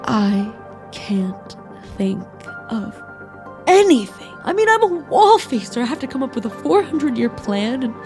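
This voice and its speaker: A woman voicing a desperate male scientist who cannot come up with a plan, in a strained high wail. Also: very animated, unhurried, dark tone, soft background music. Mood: despairing. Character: anguished male scientist haunted by failure.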